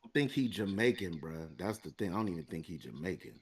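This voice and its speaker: A man's voice: low-pitched, lively intonation, fast talker, breathy edge. A man co-hosting a podcast, telling a long story in a casual, profane, rambling way and laughing between lines. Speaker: podcast co-host.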